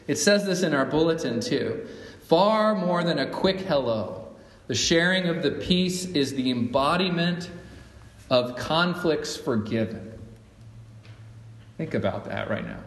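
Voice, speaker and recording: A man's voice: on the high side, animated, measured pace. A middle-aged man preaching a sermon to his congregation, talking conversationally and often asking them questions. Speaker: pastor. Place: church sanctuary. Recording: echoey hall, mic at a distance.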